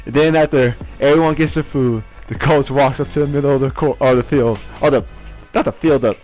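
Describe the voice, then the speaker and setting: A man's voice: mid-range voice, fairly even intonation, a little fast, darkish tone, soft background music. A young man telling a story casually, laughing a lot and acting out the voices and chants.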